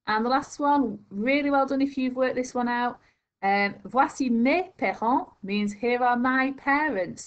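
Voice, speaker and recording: A woman teaching a recorded primary school video lesson, explaining slowly and carefully and spelling out each phrase. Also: mid-range voice.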